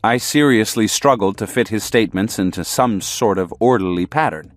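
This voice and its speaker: A man narrating an audiobook in the first person, with a measured, earnest storytelling manner. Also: fairly low pitch, dry recording, soft background music.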